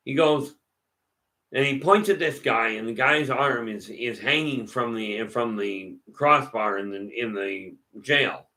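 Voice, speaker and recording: A man's voice: medium pitch, measured pace, bright, forceful tone. A man hosting a casual question-and-answer session, telling stories in a rambling way with many restarts. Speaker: host answering viewer questions. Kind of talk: casual live Q&A talk.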